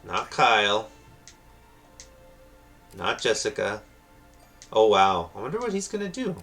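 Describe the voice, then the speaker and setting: A man's voice: fairly low pitch, very animated, measured pace, a bit bright. A man commenting wryly as he plays through a game and reads its dialogue. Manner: wry, amused asides. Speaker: let's player. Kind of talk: game commentary reading aloud. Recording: game music behind.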